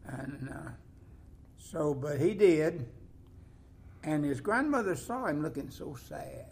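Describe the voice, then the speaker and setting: A man telling a homespun story slowly. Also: on the high side, lively intonation, darkish tone. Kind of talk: casual Christian talk.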